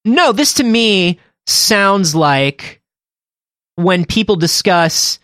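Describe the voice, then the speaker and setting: A man co-hosting a podcast, chatting casually and thinking out loud with hedges and fillers. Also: sits high, expressive, extremely slow, smooth, no room sound, studio quality. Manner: thinks aloud, hedging with fillers. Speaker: podcast co-host. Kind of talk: casual chat.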